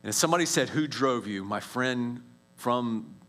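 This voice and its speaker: A man in his forties sharing a personal faith testimony as a story, animated, with many restarts and quiet, hushed stretches at tense moments. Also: medium pitch, measured pace.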